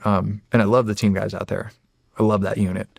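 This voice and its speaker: A middle-aged man with a gravelly, rough-edged voice recounts old military stories on a podcast. He talks casually, swears freely and laughs often, and he acts out the other people in his stories. The sound is dry and close, with no room echo. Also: on the low side, level tone, fairly quick. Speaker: podcast guest, former Navy SEAL. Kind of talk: casual storytelling.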